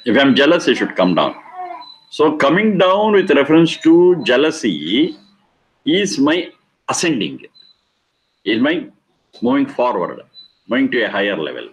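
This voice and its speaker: A man's voice: medium pitch, big pitch swings, a little slow, long pauses, poor audio. Emphatic man teaching Vedic ethics. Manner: emphatic, repeating key words, explaining Sanskrit terms. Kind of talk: spiritual discourse.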